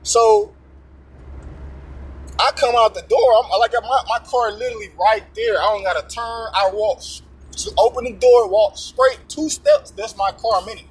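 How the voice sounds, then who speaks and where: A man's voice: high voice, normal speed, husky, poor audio. A man casually telling a testimony story, acting out both sides of a tense confrontation in streetwise slang. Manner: streetwise slang with frequent profanity.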